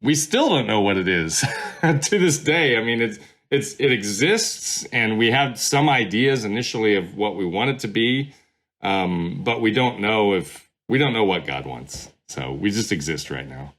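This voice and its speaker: Middle-aged man, low register, loose conversational storyteller who circles back and restarts. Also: animated, a little slow, a bit bright. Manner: rambling, many fillers and restarts. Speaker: podcast guest, former pastor. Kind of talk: casual storytelling interview.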